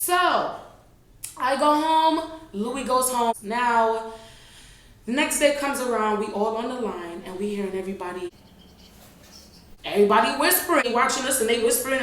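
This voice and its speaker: A young woman, telling an animated, slangy storytime vlog straight to her viewers. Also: on the high side. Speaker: vlogger. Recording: very echoey room.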